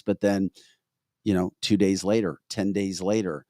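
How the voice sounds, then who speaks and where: Man, deepish voice, talk show host, animated, reading comments, dry studio sound. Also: normal speed, no room sound. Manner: animated, reads viewer comments aloud.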